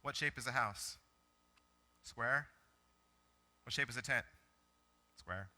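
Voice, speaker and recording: Man, pastor, very bright voice, chatty animated sermon, church. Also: medium pitch, takes it slowly. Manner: conversational, animated storytelling with self-corrections. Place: church sanctuary.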